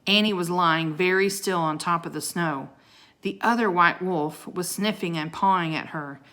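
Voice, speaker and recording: A woman reads a children's storybook aloud in a clear, bright voice. Her reading is expressive, with occasional small stumbles. She sounds like she is reading to a child at home. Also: on the low side, moderate pace. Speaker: reader of a children's book.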